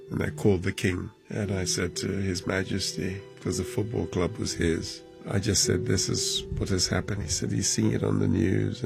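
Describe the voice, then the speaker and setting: A man, a football club chairman, recounting events in a documentary interview, halting and emotional, his voice dropping low at times. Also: gravelly.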